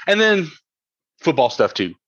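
A man's voice: fairly high pitch, sing-song, unhurried, fairly bright tone, slightly rough, no echo, dull audio. A man co-hosting a podcast, chatting casually and rambling with lots of fillers and restarts. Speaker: podcast co-host.

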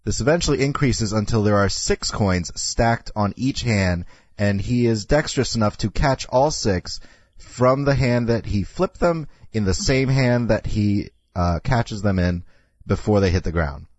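Male podcast co-host, husky, animated, laughs easily, dull lo-fi mic. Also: fairly low pitch, no room sound. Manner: animated, laughing, halting restarts. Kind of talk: casual chat.

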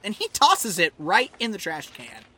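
Lively woman retelling a movie. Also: mid-range voice, normal speed, slight background noise. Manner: animated storyteller, acts out scenes. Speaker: podcast co-host. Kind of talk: casual chat recapping a film.

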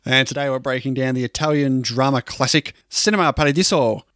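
A man's voice: mid-range voice, little pitch movement, fairly quick, a bit bright, clean tone, no room sound, studio quality. A man co-hosting a movie podcast, joking and teasing his friend in casual chat. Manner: joking, playful banter. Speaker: podcast co-host.

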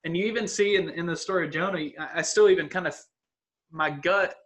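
A man's voice: a little high, a little fast, a bit bright, slightly rough. A man in a casual church discussion, talking earnestly about a Bible story and restarting his sentences often. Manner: earnest, rambling with many restarts. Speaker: church leader in a podcast discussion.

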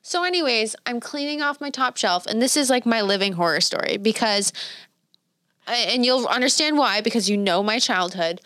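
A young woman casually telling a story on a podcast, animated and swearing, acting out her own quotes. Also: fairly high pitch, moderate pace, no room sound, studio quality.

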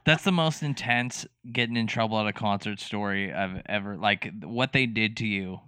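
Low-voiced dude on a podcast, blunt, jokey, swears, dry mic. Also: male voice, normal speed, pushed and bright, smooth, dry recording. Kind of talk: casual chat.

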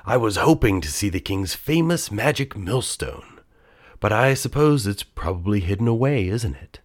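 A man's voice: fairly low pitch, expressive, normal speed. A man voicing a greedy, sly male thief in a storybook reading, teasing and muttering asides. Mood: scheming. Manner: scheming, teasing, whispering asides.

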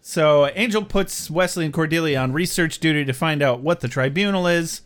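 This man has a notably high voice and talks in a relaxed, chatty way. He co-hosts a podcast that recaps TV shows. He tells his stories with energy and laughs often between lines. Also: normal speed, clean tone. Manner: animated storyteller, laughs often, acts out quoted voices. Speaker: podcast co-host. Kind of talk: casual chat recapping a TV episode.

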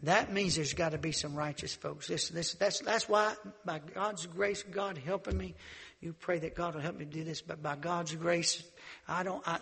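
A man preaching with a gravelly, husky edge to a slightly raised voice. He swings between loud exhortation and quiet asides, slipping into Bible characters as he goes. The sound rings in a hall with a long reverb. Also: fairly even intonation. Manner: fervent preaching, swings from shouts to low asides; acts out Bible characters in quick dialogue. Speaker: pastor. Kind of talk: sermon.

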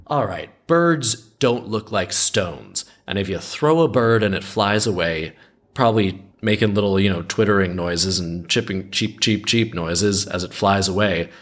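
A man with a fairly low, slightly bright voice hosts a storytelling podcast, reading a folk tale aloud and breaking off for wry, skeptical, rambling asides as casual commentary.

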